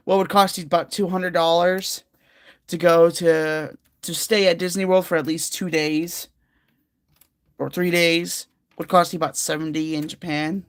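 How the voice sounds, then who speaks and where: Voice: mid-range voice, level tone, a little slow, no echo. A livestream host chatting casually with viewers while doing a jigsaw puzzle, rambling and giggling.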